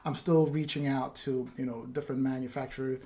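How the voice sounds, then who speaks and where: This YouTube channel host is a man with a medium-pitched, warm voice, speaking fairly quickly and with flat delivery. In his channel's giveaway vlog he rambles casually, apologizes, and laughs nervously.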